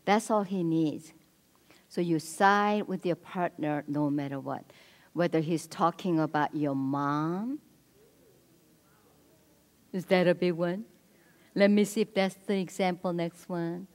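A woman leading a marriage seminar at a church, speaking directly and prompting the audience with quick cues. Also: on the low side, darkish tone. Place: church hall. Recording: long hall reverb.

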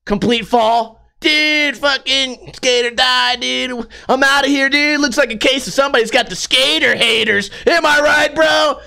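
A man voicing a defiant teenage boy skater who shouts profane taunts. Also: very high voice, a little slow, vocal fry, hardly any pauses, voice pushed up, heavily acted. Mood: taunting.

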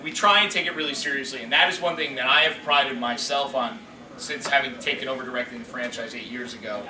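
A man who directs and performs voices, telling stories at a convention panel in a rambling, animated way. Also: mid-range voice, fast talker, crowd noise. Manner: animated, rambling storytelling with frequent fillers. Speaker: voice director and voice actor. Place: convention hall. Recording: echoey hall from far off, noisy.

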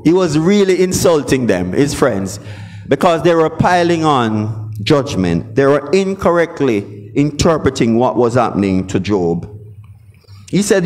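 A man's voice: a little high, big pitch swings, a little slow. A man preaching a sermon, often calling out for responses from the congregation. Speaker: pastor.

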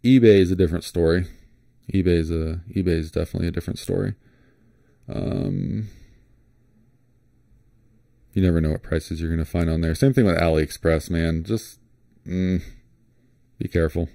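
Man, low voice, mellow, rambling casual commentary, dry close sound. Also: normal speed, vocal fry, long pauses, no room sound. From Florida. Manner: rambling, relaxed, thinks aloud with many fillers and restarts. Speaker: flashlight vlogger. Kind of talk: casual screen-share commentary.

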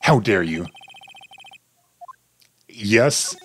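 A man's voice: fairly low pitch, animated, extremely slow, slight background noise. A man voicing an earnest, flustered young lawyer. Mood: indignant. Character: earnest young male defense attorney. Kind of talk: let's play voice acting.

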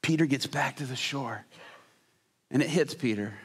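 A man's voice: medium pitch, normal speed, breathy edge. A man preaching a sermon, telling a story dramatically with humor and acted-out scenes. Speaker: guest preacher.

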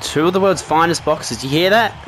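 A man hosting a gaming video, joking and trash-talking with excitable outbursts. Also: a little high, fairly quick. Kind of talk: let's-play commentary. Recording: game music playing behind.

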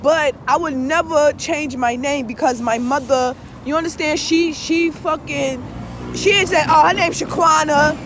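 With background noise behind her, a woman speaks in a high-pitched voice, a little slowly. As a tarot reader and spiritual vlogger, she delivers a rambling, casual monologue full of blunt profanity, swear-word fillers, laughter and side comments.

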